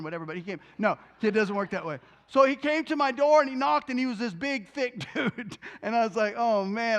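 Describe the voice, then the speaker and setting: A minister telling a healing testimony in an animated storytelling way, acting out the people in the story and tossing in joking asides. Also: male voice, high voice.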